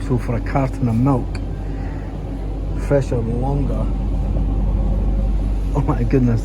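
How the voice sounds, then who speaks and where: A man's voice: medium pitch, noisy background. A man with a Scottish accent, chatting casually as a vlogger and often exclaiming in disbelief as he goes through shops and sits in a car. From Scotland. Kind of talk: casual vlog commentary.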